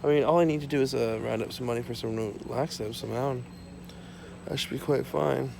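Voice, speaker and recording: A man's voice: mid-range voice, fairly even intonation, fast, gravelly, darkish tone, a little hiss or hum. A man rambling and ranting to his camera at home, profane and repetitive, drifting from topic to topic. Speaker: vlogger. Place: small home.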